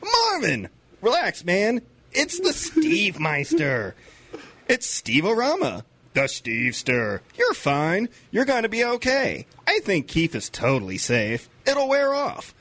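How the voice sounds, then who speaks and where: A man's voice: high-pitched, wildly swooping pitch, takes it slowly, fairly bright tone, pitched above the performer's own voice, exaggerated voice. A man playing a clingy, lonely young man who insists he is popular, in an eager, overly sweet comedy sketch voice. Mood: coaxing.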